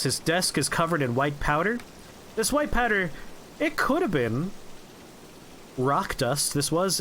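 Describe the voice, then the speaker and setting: A man streaming a game, rambling through profane, relaxed anecdotes as he plays. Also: a little high, a little hiss or hum. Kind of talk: casual gameplay commentary and storytelling.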